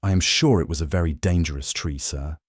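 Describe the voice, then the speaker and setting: A man narrating a sleep story, voicing a reserved young male valet who speaks in a quiet, formal, polite way. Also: a bass voice, brisk, no echo, studio quality.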